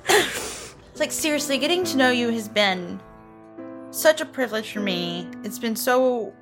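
A woman playing a young woman leader, heartfelt and halting, breaking off between phrases as she says goodbye. Her voice sits a touch high, with soft music underneath. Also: expressive. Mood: tender, heartfelt. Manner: earnest, halting, tearful pauses. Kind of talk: in-character speech in a tabletop game.

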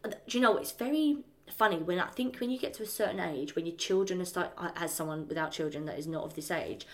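A woman co-hosting a podcast in casual, animated chat, acting out the voices of people she quotes. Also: fairly low pitch, fast. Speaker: podcast co-host.

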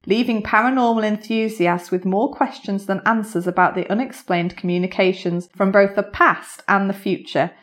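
A woman hosting a podcast, narrating a scripted story and chatting with a guest, laughing at her own slips. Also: mid-range voice. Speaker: podcast host.

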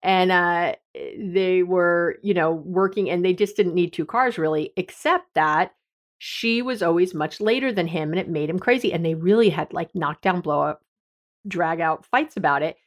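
A woman's voice: lowish voice, normal speed. A middle-aged woman, a therapist hosting an advice podcast, talking candidly in a conversational, self-deprecating way.

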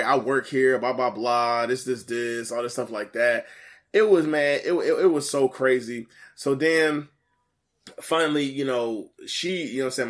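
A man casually telling a story in slang, animated, jumping to a higher voice when he quotes people.

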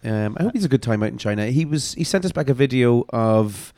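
Lively Irish man, teasing podcast host. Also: medium pitch, fairly quick, dry recording. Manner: lively, laughs often, teasing. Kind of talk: casual chat.

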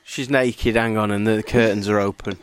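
A man's voice: on the low side, normal speed, clean tone. A man hosting a podcast, chatting casually and ranting with exasperation and the odd swear. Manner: animated, swearing, exasperated rants. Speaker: podcast host. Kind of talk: casual chat.

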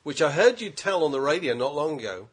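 A man who works as a critic, telling an anecdote in casual chat with an expressive delivery. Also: a little high, fairly quick, slightly rough. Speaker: critic and broadcaster.

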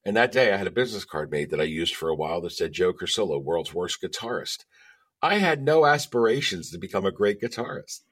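A man's voice: deep voice, expressive, fairly quick, fairly bright tone. A middle-aged man, a podcast guest, telling stories emphatically in casual chat and checking in with "okay?".

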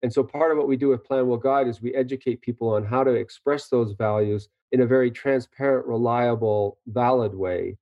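A doctor explaining patiently and earnestly in an interview, a man in measured conversation. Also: medium pitch, steady tone, dry recording. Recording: dull lo-fi recording.

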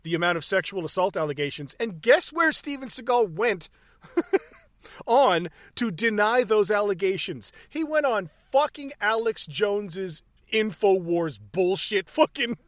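A man's voice: high voice, big pitch swings, unhurried, fairly bright tone, no room sound, clean studio sound. A man hosting a podcast, telling stories in casual profane chat and laughing often. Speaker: podcast host.

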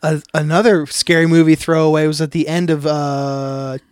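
Relaxed male podcast co-host with a slightly high voice, easygoing, swears casually. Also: moderate pace, clear, resonant tone, dry recording, studio quality. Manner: laid-back, profane, laughing often. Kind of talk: casual chat.

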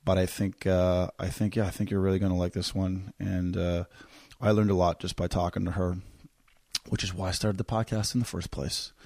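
A man's voice: deep voice, little pitch movement, normal speed, darkish tone, no room sound, clean studio sound. Chatty self-mocking Canadian man. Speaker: podcast host. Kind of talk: casual chat.

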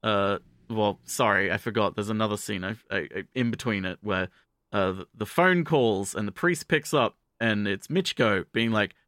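A man casually recapping an anime plot for a podcast, jumping into quick character voices as he goes. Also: on the low side, no echo, studio quality. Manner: animated, acts out characters' lines in quick voices.

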